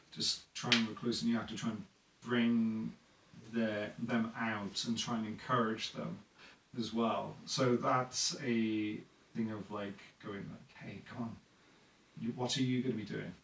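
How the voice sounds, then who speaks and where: A man's voice: on the low side, gravelly, roomy sound, distant mic, a little hiss or hum, rough recording. A man chatting casually on a podcast about running tabletop games, rambling with lots of fillers and acting out players' lines. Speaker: dungeon master guest.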